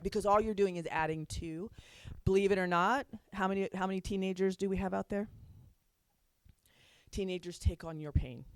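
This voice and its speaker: A woman's voice: on the low side, no room sound. A woman counselor giving a chatty talk on parenting to an audience, laughing often as she makes her points.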